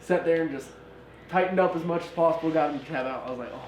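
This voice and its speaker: A married man tells a rambling story on a casual podcast, full of fillers and laughs at himself. His voice sits a little high. The room echoes, with a faint hiss underneath. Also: fast, a little mellow. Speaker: podcast co-host. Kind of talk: casual chat.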